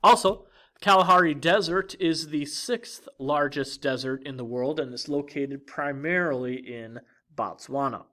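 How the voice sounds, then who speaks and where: A man teaching a recorded geography lesson in a clear, lively teacher's voice, with fillers like uh and um. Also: fairly high pitch, a little slow.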